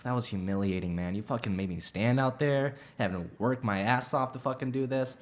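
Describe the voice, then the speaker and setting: A man's voice: mid-range voice, fairly quick, close to an everyday voice. A man voicing a bumbling, angry male serial killer in a crude, swearing retelling. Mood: annoyed.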